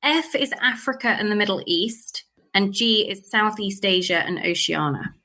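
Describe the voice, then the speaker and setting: A woman hosting a podcast panel, leading a casual chat in a brisk, organising way. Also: mid-range voice, animated, pushed and bright. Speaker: podcast host.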